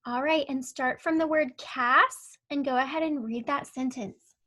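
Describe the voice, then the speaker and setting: A young woman leads a kindergarten phonics lesson in a high, bright voice. She speaks slowly and patiently, stretching out each word and spelling letters one by one for small children. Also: steady tone. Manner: patient, slow, sounds out words and letters. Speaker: kindergarten teacher.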